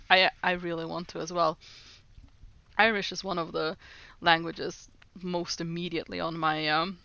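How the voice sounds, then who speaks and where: A woman streamer talks unhurriedly with her chat, breaking into giggles often. Her voice is bright and crisp in tone. The sound is slightly dull and lo-fi. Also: lowish voice. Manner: laughs often, chatty and giggly. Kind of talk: casual livestream chat, reading chat aloud.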